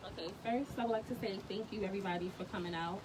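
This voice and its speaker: A woman with a mid-range voice speaks fast and with passion at an outdoor protest, insistently repeating phrases for emphasis. She is the sister of the deceased, addressing a crowd on a city street. A distant mic picks her up over the street noise.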